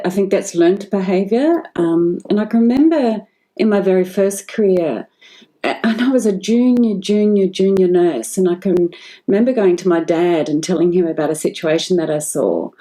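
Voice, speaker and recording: A woman's voice: lowish voice, dark tone. A woman who once worked as a nurse, reflecting thoughtfully on a personal memory during a video call. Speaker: former nurse.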